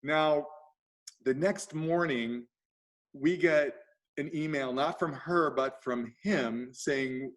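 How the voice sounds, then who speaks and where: A man hosting a talk show, telling an animated story and acting out the people he quotes. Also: fairly high pitch, a little slow. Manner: acts out quoted voices, shifts pace often. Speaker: show host.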